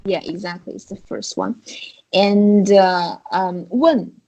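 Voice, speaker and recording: Woman Chinese teacher, slow and careful delivery, Chinese accent, patient explainer, online video-call lesson. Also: medium pitch, level tone, mellow, muffled recording, soft background music. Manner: patient, explains step by step with examples.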